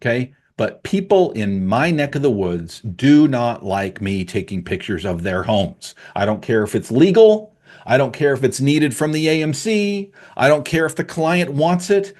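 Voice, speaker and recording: A man's voice: mid-range voice, big pitch swings, unhurried, a little mellow. A middle-aged man hosting a podcast, talking in a passionate, emphatic monologue with asides to his listeners. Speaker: podcast host, appraisal coach.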